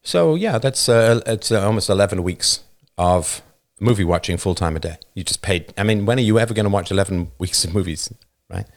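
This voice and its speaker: With a low-pitched, animated voice, a livestream host speaks fairly quickly and with few pauses. His casual, emphatic monologue goes into a new studio microphone, and he keeps asking "right?"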